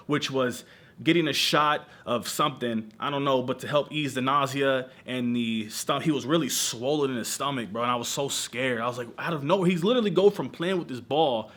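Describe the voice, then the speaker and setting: Bright-voiced young man vlogging, animated. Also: mid-range voice, fairly quick. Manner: animated, emotional storytelling with slang like bro and y'all. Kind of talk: casual vlog chat. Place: lives in Southern California.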